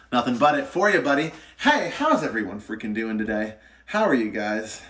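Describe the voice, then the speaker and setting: A man's voice: mid-range voice, fairly bright tone, slight background noise. A young man streaming live from his home kitchen, cooking, chatting and joking as he greets viewers by name. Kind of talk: casual live-stream chat.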